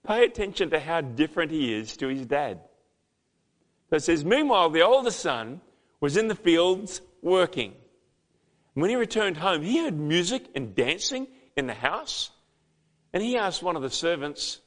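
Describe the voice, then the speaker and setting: Pastor preaching in an echoing hall. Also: male voice, fairly high pitch, big pitch swings, moderate pace. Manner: emphatic, rising to loud dramatic peaks. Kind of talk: sermon. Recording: long hall reverb.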